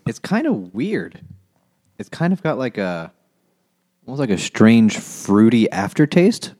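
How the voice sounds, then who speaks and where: A man's voice: medium pitch, very animated, a little slow, warm tone. A man co-hosting a book podcast, chatting casually with dry, wry humor. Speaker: podcast co-host. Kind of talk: casual chat.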